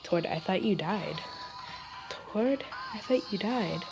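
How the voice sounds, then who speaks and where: A woman reading the lines of a gravely ill young man, weary and sad, stumbling and restarting as she reads. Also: sits low, unhurried, poor audio. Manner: read aloud, with stumbles and restarts. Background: background music.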